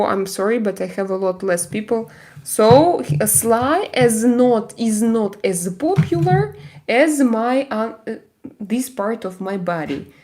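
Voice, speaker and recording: Slow, halting woman with a Russian accent. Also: fairly high pitch, dark tone. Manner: hesitant, halting with many fillers, laughs often. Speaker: live streamer. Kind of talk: casual live-stream chat, answering viewer comments.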